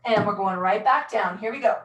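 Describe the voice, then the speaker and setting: A woman's voice: medium pitch, a little fast. Echoey woman cueing a mat workout. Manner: casual, self-deprecating, calm cueing. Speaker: pilates instructor. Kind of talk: guided workout instruction. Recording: echoey room, mic far off.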